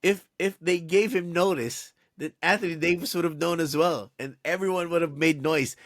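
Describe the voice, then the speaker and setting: Co-hosting a casual sports podcast, an animated man vents in exasperation and keeps stumbling over his own restarts. His voice is a bit higher than most men's, at normal speed, and the recording is dry and close with no room sound.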